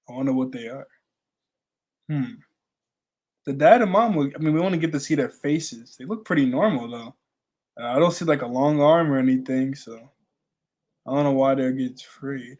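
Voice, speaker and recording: A man hosting a casual manga reaction, reading panels aloud and musing between them with fillers and quick laughs. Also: medium pitch, darkish tone.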